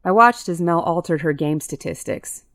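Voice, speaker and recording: A woman with a fairly low voice reads a first-person audiobook. The sound is dry and close, with no room around it. She lifts her pitch to voice the characters in dialogue. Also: lively intonation, moderate pace, a bit bright, no room sound. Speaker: audiobook narrator.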